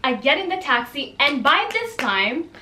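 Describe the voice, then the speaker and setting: A young woman telling a casual storytime to camera, animated and exasperated, acting out the people she quotes. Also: high voice, unhurried, echoey room, a little hiss or hum.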